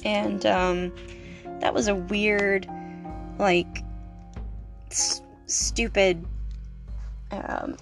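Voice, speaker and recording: This is a young woman hosting a podcast, riffing through a movie recap in loose, casual chat. She swears freely, piles on fillers and jokey asides, and speaks at a middle pitch. A little music plays faintly underneath. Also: flat delivery, extremely slow, vocal fry, long pauses. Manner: chatty, profane, lots of fillers and playful asides. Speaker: podcast host. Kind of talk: casual movie review commentary.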